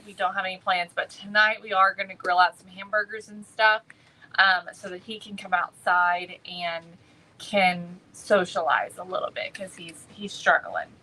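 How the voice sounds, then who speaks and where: A woman's voice: medium pitch, pushed and bright, low-quality recording. A middle-aged woman hosting a live craft-shop stream, chatting and answering viewer comments. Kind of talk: live-stream product showcase.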